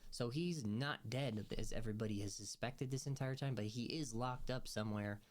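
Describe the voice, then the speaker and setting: A man's voice: mid-range voice, moderate pace. A man giving a casual movie review, rambling with many fillers and restarts. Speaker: film reviewer.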